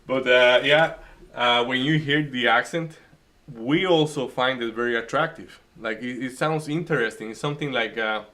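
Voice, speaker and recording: Bright-voiced man. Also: medium pitch. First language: Spanish. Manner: halting, many fillers and restarts. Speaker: day trading stream host. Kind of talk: casual chat.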